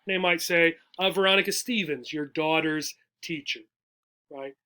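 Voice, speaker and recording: A man with a high voice explains jokes slowly and patiently for English learners. His tone is bright and forceful, and he keeps checking in with his listeners. He sounds like a teacher guiding a class step by step. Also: clean tone. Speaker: adult education teacher.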